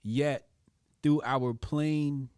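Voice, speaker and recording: A man appearing as a guest, telling stories in a relaxed, casual way and often saying "like". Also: a little high, very slow, clear, resonant tone, dry recording, studio quality. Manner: relaxed, peppers speech with "like". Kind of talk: casual conversational storytelling.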